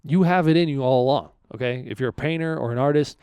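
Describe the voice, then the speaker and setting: A man's voice: medium pitch, quick pace, dark tone, clean tone, no room sound. A man hosting his own podcast, talking casually and rambling, often swearing as he vents. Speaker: podcast host.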